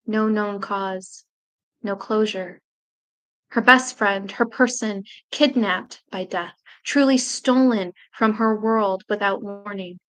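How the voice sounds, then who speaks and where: A woman poet reading her own memoir poems aloud in a slow, measured, grave way with long pauses. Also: medium pitch, a bit bright.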